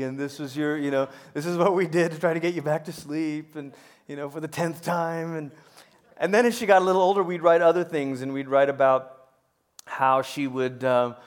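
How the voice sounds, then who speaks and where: A middle-aged man preaching a sermon as pastor, rising to loud emphatic peaks and dropping to soft, hushed storytelling, with frequent stammers and restarts. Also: a little high.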